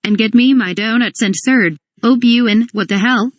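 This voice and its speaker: A fairly high-pitched woman reads a comedic parody script aloud, moving between stage directions and lines of dialogue. She spells some names out letter by letter. The recording is dry and close, with no room echo. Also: normal speed.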